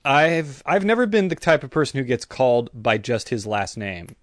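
A man co-hosting a comedy podcast in loose, joking chat. His delivery is dry and understated, full of little trailing asides. His voice is mid-pitched, and the recording is close and dry. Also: moderate pace, no room sound. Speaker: podcast co-host.

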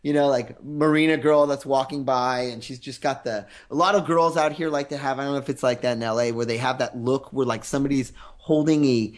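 A man's voice: mid-range voice, fairly even intonation, brisk, hardly any pauses. A man in casual podcast chat, telling rambling anecdotes with a chuckle.

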